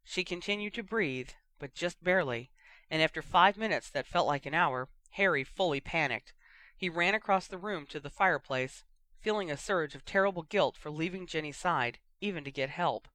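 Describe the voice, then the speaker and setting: Bright, dry audiobook narrator. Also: mid-range voice, moderate pace, dry recording. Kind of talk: fan fiction audiobook narration.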